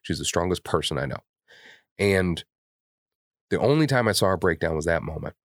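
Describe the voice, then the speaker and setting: A man's voice: deep voice, lively intonation, normal speed, no room sound, studio quality. A man co-hosting a podcast, talking candidly in casual chat with blunt, heavily profane, openly emotional speech. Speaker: podcast co-host.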